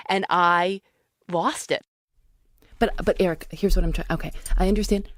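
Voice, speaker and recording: A woman's voice: low voice, moderate pace, no echo, studio quality. A woman who hosts a podcast, telling a self-mocking anecdote about recording narration. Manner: animated, self-mocking storytelling. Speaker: podcast host.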